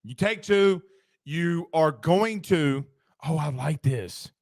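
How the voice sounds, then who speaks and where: A man hosting a casual sports talk show, emphatic and quick, reading viewer comments aloud and ribbing his co-host. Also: fairly high pitch, animated, darkish tone, no echo, studio quality.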